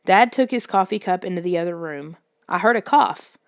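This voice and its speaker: A woman narrating a children's story in the first person with expressive storytelling. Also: on the low side, normal speed, no room sound, studio quality. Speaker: audiobook narrator.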